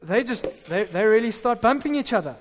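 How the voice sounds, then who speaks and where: A man preaching a sermon as pastor, animated and full of stammered restarts. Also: high voice, fairly quick, slight background noise. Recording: reverberant hall.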